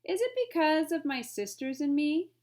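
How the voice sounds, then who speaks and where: A woman voicing an eager, curious young boy with high, excited lines. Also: moderate pace.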